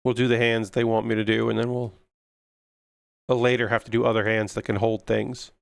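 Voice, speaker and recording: A man's voice: fairly low pitch, level tone, fairly quick, vocal fry, smooth, dry recording. A young man chatting casually on a livestream while building a model kit, ranting with frequent swearing and filler words. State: yawning.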